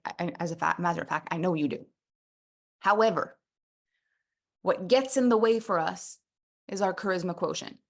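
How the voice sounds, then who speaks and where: A woman coaching a personal development workshop, animated and playful, acting out little scenes as she teaches. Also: medium pitch.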